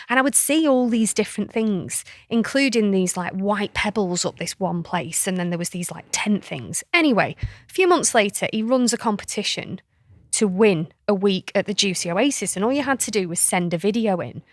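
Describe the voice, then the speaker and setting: A woman, co-hosting a podcast and telling stories in an animated way, laughing and acting out the voices. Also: mid-range voice, normal speed, no room sound, clean studio sound. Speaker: podcast co-host. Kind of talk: casual storytelling chat.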